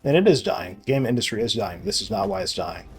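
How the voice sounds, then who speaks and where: A young man with a low voice rambles through a gaming session, swearing freely and joking at his own expense. Faint game music hums behind him. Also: expressive, brisk. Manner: swears often, rambling, sarcastic, laughs at himself. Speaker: gaming video creator. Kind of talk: casual rambling commentary while playing.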